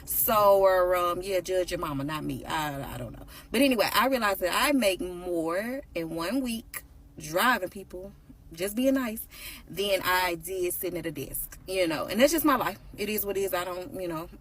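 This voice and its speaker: A woman's voice: on the low side, expressive, normal speed, fairly bright tone. A woman from Texas, chatting casually and confidently to her viewers about her life. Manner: breezy and self-assured, jokes with viewers. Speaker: vlogger, rideshare driver. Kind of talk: casual vlog chat.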